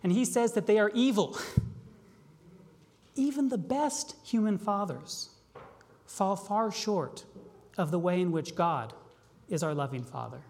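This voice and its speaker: A pastor preaching a sermon, asking rhetorical questions and slowing down on key phrases. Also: mid-range voice, lively intonation, a little mellow. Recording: long reverb of a large hall.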